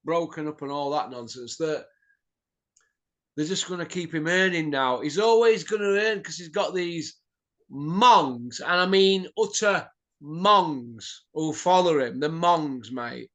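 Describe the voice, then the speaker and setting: A man's voice: on the high side, measured pace, a bit bright. Heated man ranting. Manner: blunt, heated, swears, tag questions. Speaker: boxing pundit host. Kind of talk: opinionated ranting chat.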